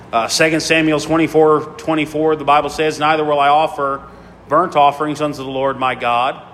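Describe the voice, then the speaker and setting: A pastor preaches a sermon in a church sanctuary, where the large hall gives his voice a long, echoing reverb. His voice is on the high side and fairly bright, with a little hiss or hum in the audio. His delivery is preachy, with a repetitive cadence and many fillers.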